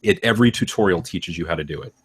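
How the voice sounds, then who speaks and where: A man with a fairly low voice co-hosting a casual comedy podcast. He throws in quick, dry jokes. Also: slightly rough. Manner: quick deadpan quips. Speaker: podcast co-host.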